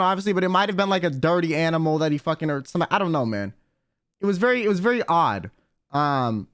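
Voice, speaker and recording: A man's voice: high-pitched, fairly bright tone, no echo, clean studio sound. A young man streamer telling a story casually, rambling and swearing with many fillers. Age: young adult. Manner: rambling, profane, lots of "like" and "um".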